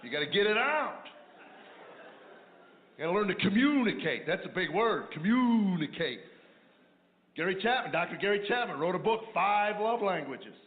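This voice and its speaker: Man, stand-up comedian, deadpan storytelling, slightly high voice, tinny lo-fi sound. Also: moderate pace. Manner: deadpan storytelling with mumbling character asides. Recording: echoey, tinny lo-fi radio replay of a live set.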